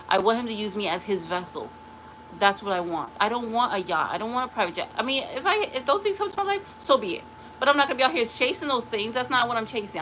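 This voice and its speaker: A woman's voice: medium pitch, pushed and bright, slight background noise, rough recording. A middle-aged woman hosting a spiritual live stream, giving a blunt, emphatic motivational talk that repeats phrases for stress. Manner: blunt and dismissive.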